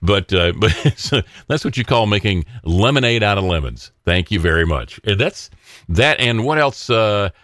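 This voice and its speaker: Deep-voiced man hosting a rambling podcast. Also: sing-song, normal speed, a bit bright, dry recording, studio quality. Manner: rambling, many fillers and restarts, chuckles often. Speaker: podcast host. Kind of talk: casual solo political podcast monologue.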